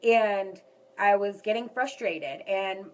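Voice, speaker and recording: A woman's voice: mid-range voice, takes it slowly, low-quality recording. A woman vlogger telling a personal story straight to her viewers in a candid, rambling way.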